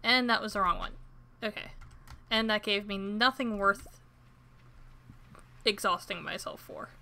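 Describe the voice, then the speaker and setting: A woman's voice: mid-range voice, a little slow, pushed and bright. A woman streaming a farming game, chatting casually and joking at her own expense. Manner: chatty and self-deprecating. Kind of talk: let's-play commentary.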